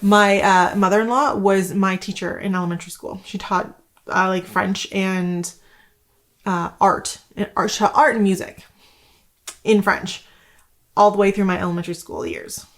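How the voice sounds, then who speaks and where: A woman's voice: mid-range voice, steady tone, moderate pace. A woman from Canada, in her thirties, talking casually to camera about homeschooling, rambling with many fillers. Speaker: homeschooling vlogger.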